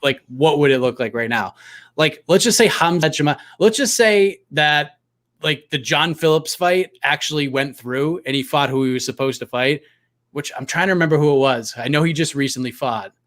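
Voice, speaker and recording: Higher-voiced male guest, wandering, thinking out loud. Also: moderate pace. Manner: rambling, speculative, heavy on "like". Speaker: guest journalist. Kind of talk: casual sports talk chat.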